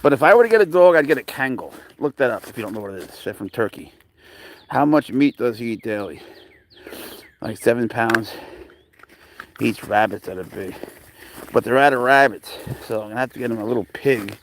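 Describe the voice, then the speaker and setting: A man's voice: medium pitch, expressive, a little fast, pauses often, a little hiss or hum. A man casually chatting with viewers on a live stream while walking his pet cat outdoors. He rambles, calls people bro, and his voice jumps up when he coaxes the animal.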